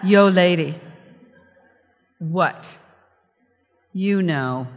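Brief: man playing a cocky parrot with a Philly accent, loud, reverb tail. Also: high voice, drawn-out words, full character voice. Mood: smug. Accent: Philadelphia. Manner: brash, mocking. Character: rude wisecracking male parrot from Philly.

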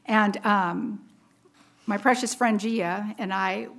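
A woman's voice: medium pitch, steady tone, takes it slowly, gravelly, a bit bright. A woman in her fifties giving a personal testimony sermon, earnest and storytelling, laughing at herself along the way. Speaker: women's ministry speaker.

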